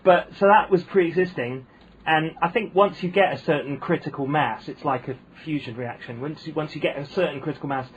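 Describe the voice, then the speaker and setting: A man's voice: on the high side, brisk, a little hiss or hum, poor audio. A man with a posh British accent, a comedian guest telling wry anecdotes in casual chat, full of ums and restarts. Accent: posh British English.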